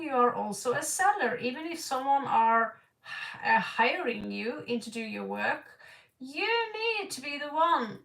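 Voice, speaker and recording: A woman's voice: high voice, fairly bright tone, echoey room, far from the mic, rough recording. A woman doing an online tarot reading in a rambling, frank way. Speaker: tarot reader.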